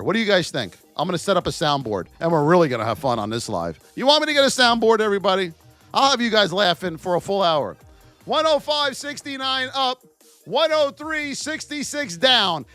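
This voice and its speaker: An excitable man runs a live market-commentary stream, bouncing between joking with viewers and reading off price levels. His voice sits high and swings widely in pitch, and the recording is close and dry. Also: no echo. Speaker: trading educator.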